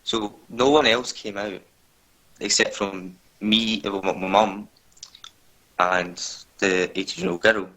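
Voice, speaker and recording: A man's voice: fairly low pitch, steady tone, takes it slowly, bright, forceful tone, low-quality recording. Nervous, hesitant young man on a call. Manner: hesitant, full of "kinda" and "like". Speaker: interview guest. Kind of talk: casual storytelling interview. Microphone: video call.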